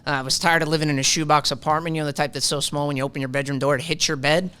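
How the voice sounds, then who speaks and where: A man's voice: fairly high pitch, level tone, very fast, bright, forceful tone, clear, resonant tone. A man from New York, a police union president guest, speaking with a New York accent mixed with some Texas, upbeat and plainspoken. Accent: New York with a bit of Texas. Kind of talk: interview conversation.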